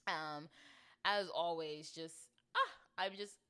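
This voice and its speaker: A woman's voice: low-pitched, fairly even intonation, slow, sharp tone, clear, resonant tone. A young woman hosting her own podcast, chatting casually and self-deprecatingly with lots of "like" fillers. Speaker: podcast host. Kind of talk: casual solo podcast chat.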